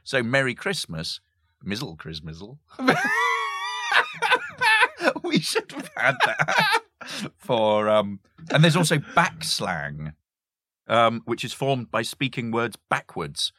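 A man's voice: medium pitch, huge pitch swings, takes it slowly, long pauses, pushed and bright, no echo. A man explaining language games in a casual chat, stopping to give examples and laughing often.

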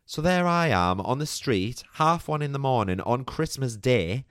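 Chatty man with a smooth voice. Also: medium pitch, expressive, measured pace, a bit bright, dry recording, clean studio sound. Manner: chatty and candid, peppered with "like" and mild swearing. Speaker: podcast host. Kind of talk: personal storytelling monologue.

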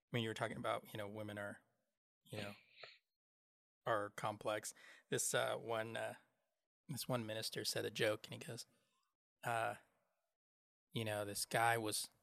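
A man's voice: lowish voice, vocal fry, fairly bright tone, no echo, studio quality. A man co-hosting a podcast, telling a joke in casual comedic chat with lots of fillers and laughter. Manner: laughs a lot, tells jokes with filler words. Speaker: podcast co-host.

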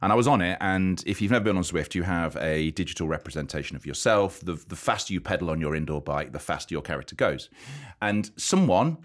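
A man's voice: low-pitched, lively intonation. A middle-aged man co-hosting a podcast in casual chat, playful and teasing. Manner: playful, teasing, fast-talking. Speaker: podcast co-host.

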